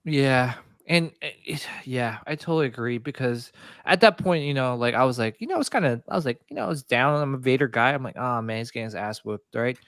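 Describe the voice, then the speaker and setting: A man's voice: mid-range voice, lively intonation, fairly quick, a bit bright, dry recording. Male podcast host, eager rambling delivery, dry close sound. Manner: enthusiastic, rambling. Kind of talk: casual chat.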